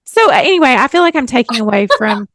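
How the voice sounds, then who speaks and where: A woman's voice: on the high side, lively intonation, quick pace, a bit bright, no echo, studio quality. A woman, co-hosting a podcast in a chatty, self-deprecating way and laughing often. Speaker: podcast co-host. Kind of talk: casual podcast chat.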